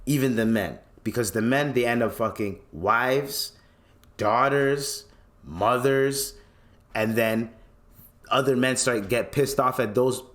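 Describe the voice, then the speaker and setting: A man's voice: mid-range voice, slow pace, a bit bright. A man with a Toronto accent hosting a podcast, ranting bluntly and profanely while reacting to social media posts. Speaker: podcast host. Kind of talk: casual ranting commentary.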